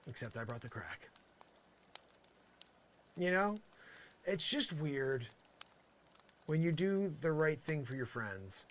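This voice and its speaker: With a fairly high voice and a little hiss or hum on the audio, a comedian delivers an improvised character monologue. He rambles sarcastically, bursting out in exasperation and then muttering asides.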